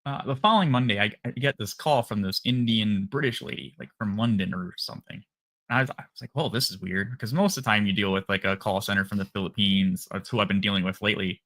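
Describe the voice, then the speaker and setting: A man with a Minnesota accent, hosting a live stream and casually telling a long story, acting out phone calls in animated voices. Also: lowish voice, fast talker.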